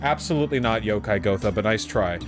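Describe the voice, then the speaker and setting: A man's voice: fairly low pitch, lively intonation, fast talker, music in the background. A man streaming a video game, ranting crudely and swearing often in casual commentary.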